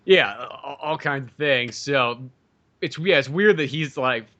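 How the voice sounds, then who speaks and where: A man's voice: mid-range voice, measured pace, sharp tone. A man co-hosting a podcast in casual comedic chat, laughing, swearing and riffing on silly scenarios. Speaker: podcast co-host.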